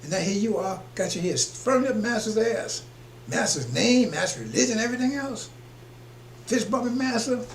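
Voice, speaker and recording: Chuckling between points, a man preaches on a broadcast in a slightly high, gravelly voice, rambling and emphatic at a normal speed with lively intonation. Behind him is a faint hum, and the room is echoey.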